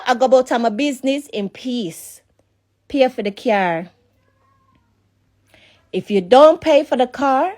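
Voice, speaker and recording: Heated high-pitched Jamaican woman ranting. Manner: heated, cursing, repetitive. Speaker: person in a leaked voice note. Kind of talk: angry ranting voice note.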